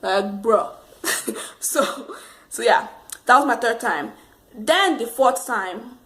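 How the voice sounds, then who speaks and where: A woman's voice: on the high side, takes it slowly. Rambling woman telling a storytime. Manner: rambling, animated, laughs often. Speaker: vlogger. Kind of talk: casual storytime monologue.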